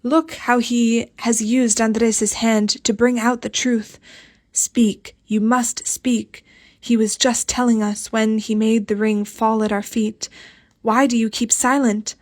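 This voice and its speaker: A woman's voice: a little high, level tone, slow pace, a little mellow. A woman voicing a young woman in an audiobook, fervent and exalted in her anguish. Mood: urgent. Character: young woman in agonized religious fervor.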